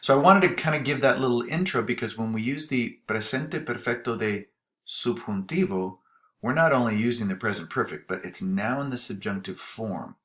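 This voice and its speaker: A man's voice: mid-range voice, lively intonation, moderate pace, fairly bright tone. A man teaching a grammar tutorial, explaining patiently with spoken examples, recorded close on a desk mic. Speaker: Spanish teacher.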